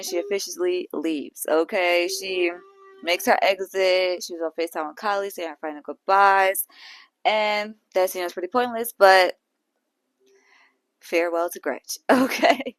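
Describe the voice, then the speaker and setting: A woman's voice: on the low side, a little slow, no echo. A woman hosting a reality show recap, talking in a sassy, blunt way full of slang. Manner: sassy and blunt, heavy on slang like "girl" and "sis". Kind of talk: casual recap commentary.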